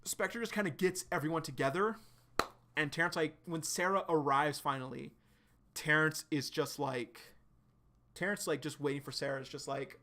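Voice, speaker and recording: A man streaming a live reaction to a webcomic, excitedly recapping and speculating, swearing freely. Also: fairly high pitch, moderate pace.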